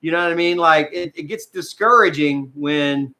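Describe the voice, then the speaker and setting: A man's voice: a little high, moderate pace, bright, forceful tone. A man vlogging live to his viewers, rambling with lots of fillers and swearing, at times tearful and emotional. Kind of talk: emotional casual livestream talk.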